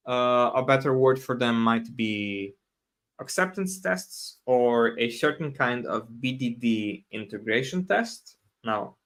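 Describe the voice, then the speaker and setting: A man talks through his ideas in a loose, conversational way, correcting himself midway and throwing in small asides. His voice sits at an ordinary middle pitch. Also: fairly bright tone. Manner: casual, self-correcting, laughs often, answers chat questions. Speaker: host. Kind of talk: live stream talk on software testing.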